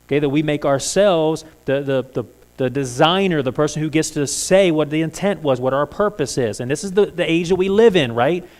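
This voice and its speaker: A man's voice: on the high side, brisk, a little mellow. A man preaching a sermon in a church, talking conversationally and asking the congregation many rhetorical questions. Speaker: pastor.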